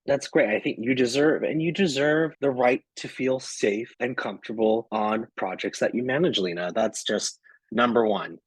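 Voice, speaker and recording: A man's voice: mid-range voice, normal speed, breathy edge, no echo, low-quality recording. A man hosting an interview, responding to his guest in a sympathetic, reassuring way. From Los Angeles. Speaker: interview host, project manager. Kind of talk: supportive interview chat.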